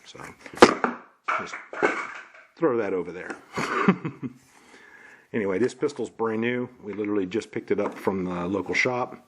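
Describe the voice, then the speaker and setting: A man's voice: on the low side, a little slow, pauses often, noisy background. A man casually walking through an unboxing, listing parts in a plain, matter-of-fact way. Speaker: gun reviewer.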